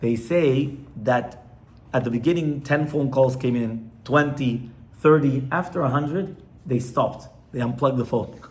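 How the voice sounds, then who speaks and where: A man's voice: medium pitch, measured pace, a little mellow. A man, a rabbi, teaching an informal class to a live audience in a conversational way, often stopping to ask his listeners questions.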